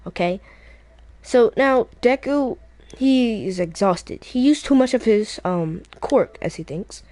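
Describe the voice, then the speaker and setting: A woman's voice: mid-range voice, darkish tone, no room sound. A woman YouTuber casually telling a fan-fiction story, rambling with many fillers and restarts.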